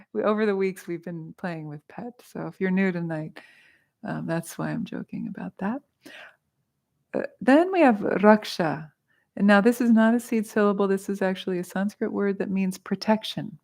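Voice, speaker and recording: A woman's voice: mid-range voice, creaky, darkish tone. A middle-aged woman leading a mantra class, explaining with casual humor and easy laughter. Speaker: meditation teacher. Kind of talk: guided mantra teaching. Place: studio.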